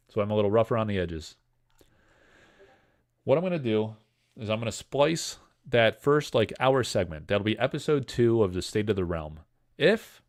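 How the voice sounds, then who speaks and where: Rambling joking man hosting a livestream. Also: fairly low pitch. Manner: joking, rambling, reads chat comments aloud. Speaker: livestream host selling card breaks. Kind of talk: casual livestream chat.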